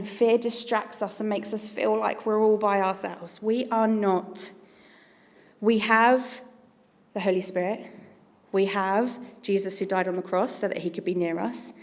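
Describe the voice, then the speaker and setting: A woman's voice: medium pitch, fairly even intonation, measured pace, a little mellow, big-room sound. A woman giving an earnest, conversational sermon as a preacher.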